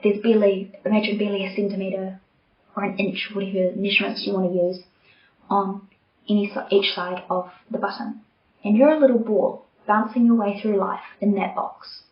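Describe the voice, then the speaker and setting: Young woman host, candid, heartfelt monologue, occasional hushed asides, echoey room, bit dull. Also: mid-range voice, fairly even intonation, moderate pace. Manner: candid, earnest, softening to near-whispers at tender moments. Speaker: podcast host. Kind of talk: personal reflective monologue. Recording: roomy, slightly dull home recording.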